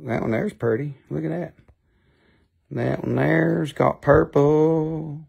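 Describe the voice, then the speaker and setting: A man with an Appalachian accent hosts a live rock sale with a rambling, joking manner. His voice sits a bit high with a gravelly fry. He chats casually to viewers. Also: steady tone, slow, a little mellow, dull audio. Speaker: live-stream rock seller. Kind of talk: casual live sales chat.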